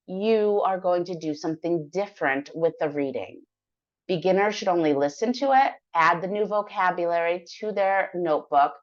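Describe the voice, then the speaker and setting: Woman, English teacher, clear and encouraging, step-by-step explaining, lower voice, muffled lo-fi audio. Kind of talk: online English lesson. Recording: dull lo-fi sound.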